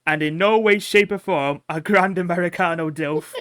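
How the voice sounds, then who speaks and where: A man in his sixties, co-hosting a comedy podcast, talks in casual banter with a dry, self-mocking manner and sometimes drops into a low mutter. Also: moderate pace, fairly bright tone, clean tone, no room sound. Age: 60s. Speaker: podcast co-host.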